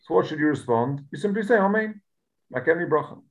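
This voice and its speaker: A man's voice: a little high, expressive, fast talker, low-quality recording. Man teaching Talmud. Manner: explains Aramaic text line by line in English, emphatic. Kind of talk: Talmud lesson.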